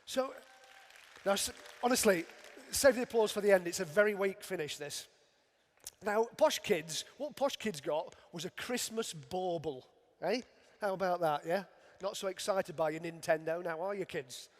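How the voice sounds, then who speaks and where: A man's voice: high-pitched, normal speed. A middle-aged man, a magician, doing dry, self-mocking comic patter on a stage. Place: large arena stage. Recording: long arena reverb.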